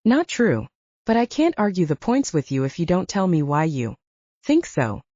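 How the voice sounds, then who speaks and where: A woman's voice: lowish voice, big pitch swings, moderate pace, mellow, dry recording, muffled recording. A woman narrator voicing a blunt, bubbly, teasing young woman as the best friend in an audiobook. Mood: coaxing.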